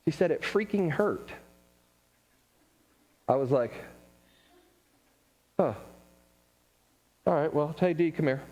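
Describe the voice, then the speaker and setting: A man giving a casual church class talk, telling stories with quick asides and laughs. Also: fairly high pitch, dark tone. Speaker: Bible class teacher. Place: church room. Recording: long hall reverb.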